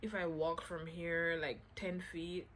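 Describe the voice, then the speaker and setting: A woman hosting her own vlog and telling a casual storytime update straight to the camera. Her voice sits on the low side, and she keeps it chatty and loose with a lot of "like" fillers. Now and then she teases herself with quick asides, against a faint hum behind her. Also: little pitch movement, a bit bright. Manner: chatty, self-mocking asides, frequent "like" fillers. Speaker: vlogger.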